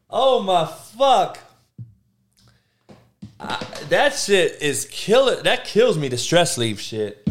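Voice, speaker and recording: A man's voice: fairly high pitch, sing-song, slow, long pauses, a bit bright. A middle-aged man ranting as a podcast host, blunt, sarcastic and heavy on profanity, often stammering through restarts. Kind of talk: profane rant.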